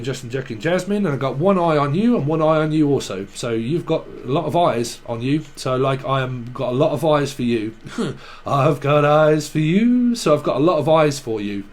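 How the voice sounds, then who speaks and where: A man's voice: a little high, a little mellow. A man with a Cockney accent giving a rambling tarot reading, riffing through names and word associations in a playful, swearing way. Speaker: tarot reader.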